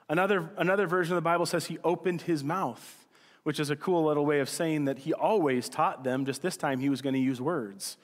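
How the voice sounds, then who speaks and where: A man delivers a sermon in a loose, conversational way, joking with the congregation and acting out quick exchanges. His voice sits a little high for a man. The sound carries the long reverb of a church hall. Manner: casual, joking and chatty, with quick acted-out asides. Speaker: pastor.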